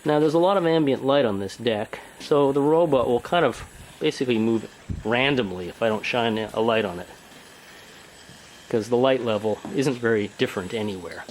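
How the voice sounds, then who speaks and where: A man with a New Zealand accent casually explaining a small robot demo, relaxed and explanatory, on an outdoor deck. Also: medium pitch, moderate pace, slight background noise, low-quality recording. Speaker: hobby robotics demonstrator.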